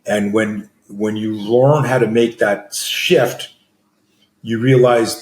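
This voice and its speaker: Man, middle-aged, self-defense coach, rambling storytelling, lowish voice, roomy sound. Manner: animated storytelling with many fillers and restarts. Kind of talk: conversational interview answers. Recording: echoey room.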